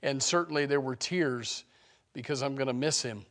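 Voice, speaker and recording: A man preaching a sermon as pastor, swinging between loud declarations and hushed, low lines, asking his congregation rhetorical questions. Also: moderate pace.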